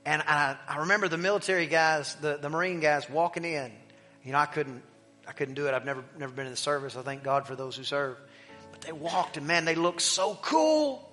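A middle-aged man preaching in a church, telling a personal story in an animated way that swings between loud emphasis and hushed, quiet passages. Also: fairly high pitch, brisk. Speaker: pastor. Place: church sanctuary. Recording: long hall reverb with faint music.

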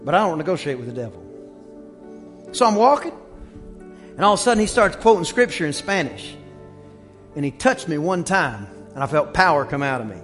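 A man preaching a sermon as pastor, telling stories and breaking into shouts on his strongest points. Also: fairly high pitch, sing-song, faint music behind. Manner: preaching with rising shouts and quick asides.

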